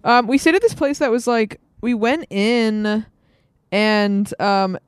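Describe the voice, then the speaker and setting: A woman's voice: fairly high pitch, slow pace, smooth, dry recording, clean studio sound. A woman musician chatting as a podcast guest, telling loose stories with fillers and laughs. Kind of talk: casual podcast chat.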